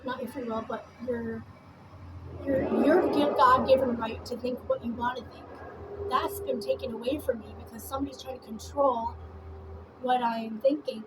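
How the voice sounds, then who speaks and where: A woman's voice: on the high side, slight background noise, low-quality recording. A woman vlogger talking while doing her makeup, in a heated, rambling monologue full of swearing.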